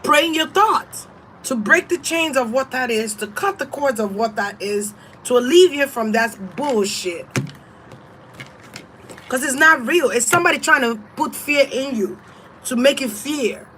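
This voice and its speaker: A woman's voice: high-pitched, animated, moderate pace, a bit bright, a little hiss or hum, rough recording. A woman reading tarot and giving casual spiritual advice in a blunt, emphatic, profane way. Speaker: tarot reader.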